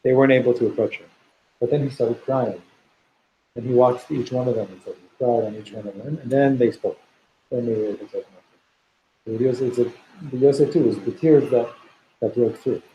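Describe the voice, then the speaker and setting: A man's voice: medium pitch, fairly even intonation, brisk, long pauses, warm tone, lo-fi sound, a little hiss or hum. A man teaching a Torah class to students in a classroom. He reads Hebrew text aloud, explains it thoughtfully, and repeats words as he works through ideas.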